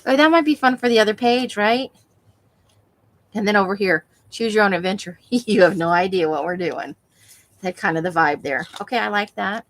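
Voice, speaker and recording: A woman's voice: mid-range voice, moderate pace, a bit bright, poor audio. A woman hosting a crafting livestream, chatting casually with viewers while she works and laughing often. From Nevada.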